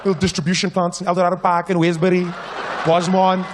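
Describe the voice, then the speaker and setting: A South African stand-up comedian with a high voice, telling his stories with animated, playful energy. A faint hum of the room sits behind him. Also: quick pace.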